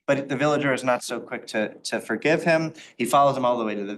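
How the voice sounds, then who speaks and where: A rabbi with a voice on the high side speaks at a quick pace with few pauses while teaching an informal Torah study class. He's conversational, restarts often, and acts out the quotes in the stories he tells.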